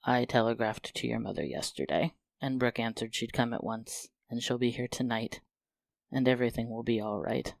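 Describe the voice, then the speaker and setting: A man voicing a kind, mischievous young man from a storybook, eager and teasing in his talk. The voice sits at a middle pitch and sounds dry and close. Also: moderate pace, creaky, dry recording, natural voice.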